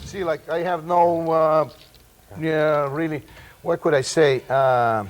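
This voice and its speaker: A man with a Brazilian Portuguese accent, a native Portuguese speaker, gives a relaxed percussion class, rambling loosely and dropping in vocal sound effects. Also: a little high, slow. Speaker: percussion teacher. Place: room with percussion table. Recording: loud percussion noise and clicks.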